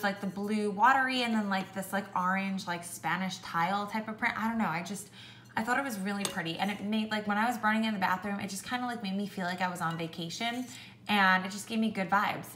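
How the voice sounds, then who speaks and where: Young woman, casual reviewer, chatty with many fillers, bright tone in an echoey room. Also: mid-range voice, slight background noise. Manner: chatty, heavy use of "like", animated when ranting. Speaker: beauty vlogger. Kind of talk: casual product review chat.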